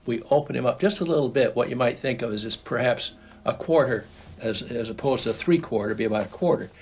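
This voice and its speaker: A man's voice: mid-range voice, brisk. An older man teaching animation in a recorded home-video lesson, explaining step by step while he draws, with frequent restarts. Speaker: animation instructor. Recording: faint background noise, old home video.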